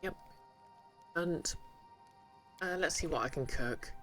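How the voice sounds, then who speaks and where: Casual streamer voice, middle pitch, faint game music behind, reading stuff off the screen. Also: slow, fairly bright tone. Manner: chatty, reads menu items aloud and answers chat. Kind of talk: casual live-stream commentary while playing a game.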